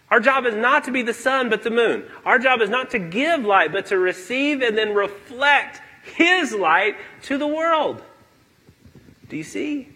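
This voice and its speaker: A male pastor preaching a sermon in a church, emphatic and animated, acting out quotes. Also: very high voice, breathy edge, poor audio.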